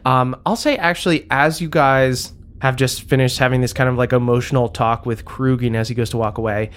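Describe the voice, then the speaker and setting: A man running a tabletop game as game master, narrating in a relaxed way with many fillers. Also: medium pitch, fairly quick, clean tone.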